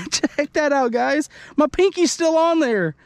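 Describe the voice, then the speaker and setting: A man from Idaho giving excited, chatty commentary to the camera while fishing from a kayak on a lake. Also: very high-pitched, a little slow, no room sound. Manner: excitable, exclaiming, chatty with viewers. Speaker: fishing vlogger. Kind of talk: casual outdoor commentary to camera. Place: kayak on an open lake outdoors. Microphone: handheld camera.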